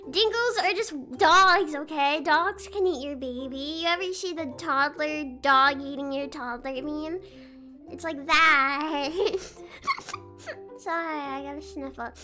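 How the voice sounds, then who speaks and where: Giggly high-voiced young woman. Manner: excitable, giggly and sarcastic. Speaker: streamer. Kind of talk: casual livestream chat.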